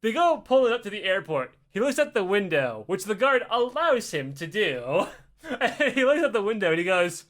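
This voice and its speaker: A man's voice: high voice, very animated, moderate pace, a bit bright. A man casually telling a comic story, swearing often and acting out the voices with laughs. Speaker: podcast host telling a story.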